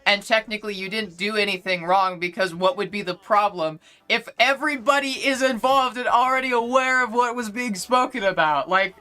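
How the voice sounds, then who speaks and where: A woman's voice: medium pitch, normal speed, hardly any pauses, sharp tone. A young woman streamer ranting in a rambling, profane, exasperated way as she chats and reads her chat. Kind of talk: casual livestream rant, reading chat.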